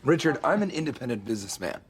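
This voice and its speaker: A man's voice: mid-range voice, very animated, fast talker, slight background noise, lightly acted. An actor playing a stubborn man who insists he works for himself. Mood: insistent.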